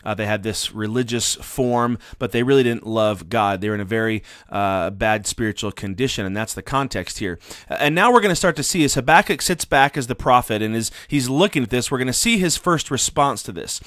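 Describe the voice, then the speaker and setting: Man, Bible study teacher, earnest and chatty, mid-pitched voice, dry close mic. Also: fairly quick, a bit bright, dry recording. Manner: earnest, conversational, frequent "uh" fillers. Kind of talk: recorded Bible study lesson.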